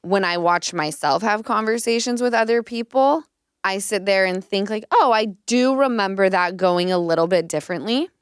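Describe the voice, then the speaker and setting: A woman in her thirties chats candidly on her own podcast, her voice smooth and resonant. The recording is dry and close. She tells her stories in an animated way, full of "like" fillers. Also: medium pitch, moderate pace, no echo. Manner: candid, animated storytelling with frequent "like". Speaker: podcast host. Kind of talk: casual chat.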